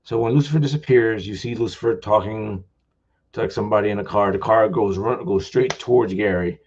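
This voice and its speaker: A man with a lowish voice talks loosely about his book, stringing his thoughts together with "like" at every turn. His talk is excitable and casual. The sound is dull and lo-fi, from a live festival recording. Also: a little fast, slightly rough. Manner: rambling, loaded with "like"; excitable, thanks the crowd warmly. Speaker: author.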